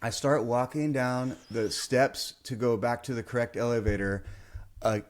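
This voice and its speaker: A man's voice: mid-range voice, moderate pace. A man on a casual podcast, telling a story and acting out the voices. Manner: animated storyteller who acts out voices. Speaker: podcast host.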